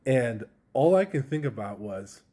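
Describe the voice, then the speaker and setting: A man's voice: mid-range voice, big pitch swings, measured pace, mellow. A man casually telling a personal story to camera, candid and chatty, with slang and lots of fillers. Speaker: vlogger sharing a personal story.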